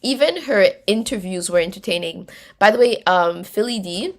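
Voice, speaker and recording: A woman's voice: mid-range voice, moderate pace. Chatty slangy woman hosting a livestream. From North America. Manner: chatty and slangy, many fillers and restarts. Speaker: host of a reality show recap stream. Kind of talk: casual livestream chat reading viewer comments.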